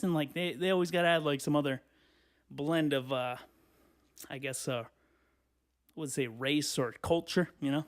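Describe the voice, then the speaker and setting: Young male podcast host, twenties, profane animated solo rant, slightly high voice. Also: moderate pace, long pauses. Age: 20s.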